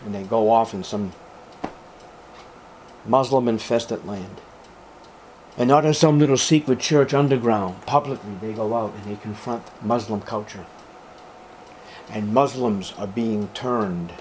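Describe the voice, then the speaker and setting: Preaching to his congregation, this pastor delivers his sermon with fervent emphasis, his voice surging loud and high on the key words. A bit of hiss or hum can be heard in the recording.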